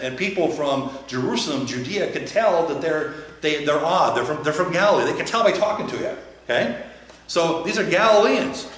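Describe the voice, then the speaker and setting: Preaching in a church whose sound is very echoey, a man with a fairly high, fairly bright voice gives a conversational sermon. He's chatty and jokey, and he often puts questions to those listening.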